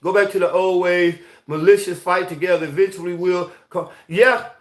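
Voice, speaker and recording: A man's voice: high voice, normal speed, roomy sound. A man hosting a rambling, heated commentary monologue, often asking "you see what I'm saying". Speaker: host.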